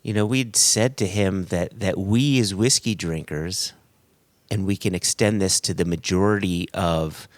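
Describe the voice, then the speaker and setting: A man's voice: low-pitched, unhurried, dry recording. A man from the US co-hosting a casual podcast, rambling and self-deprecating, laughing often between thoughts. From United States. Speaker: podcast co-host.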